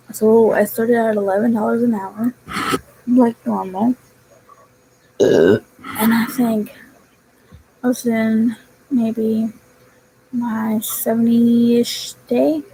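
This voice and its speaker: A young woman talks slowly and casually to the camera, rambling through a chatty story. Her voice sits a little high and sounds dark and mellow. A faint hum runs behind her. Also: rough recording. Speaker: vlogger. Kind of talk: casual chat.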